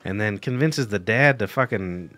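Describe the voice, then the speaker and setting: A man's voice: fairly low pitch, expressive, moderate pace, fairly bright tone, faint music behind. A man co-hosting a podcast, rambling through a crude story and swearing freely. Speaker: podcast co-host. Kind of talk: crude casual chat.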